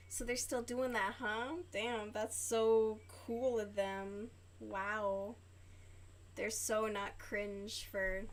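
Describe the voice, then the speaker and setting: A woman's voice: mid-range voice, fairly bright tone, a little hiss or hum. A young woman livestreaming while she crochets, chatting casually and rambling with lots of fillers and swearing. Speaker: livestream host.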